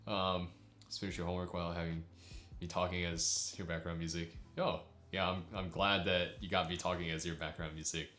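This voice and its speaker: Deep-voiced chatty streamer. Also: male voice, level tone, a little fast, bright, forceful tone, reverberant. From United States. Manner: rambling, chatty, laughs often. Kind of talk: casual livestream chat.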